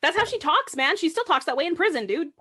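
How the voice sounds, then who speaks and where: A woman's voice: very high voice, very animated, fast, sharp tone. A woman hosting a podcast, telling a true-crime story in a casual chat and laughing easily. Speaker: podcast host.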